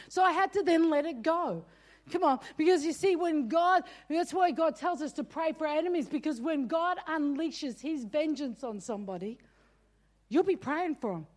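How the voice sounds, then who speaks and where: Woman, pastor, sermon, high voice, emphatic, repeats "come on". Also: darkish tone.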